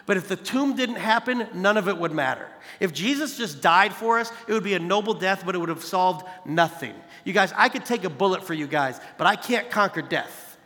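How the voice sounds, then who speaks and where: A man's voice: high-pitched, animated, brisk, hardly any pauses, sharp tone, big-room sound. A man preaching a sermon in a conversational tone, calling listeners "you guys" and building emphasis through repeated phrases. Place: large hall, evening service.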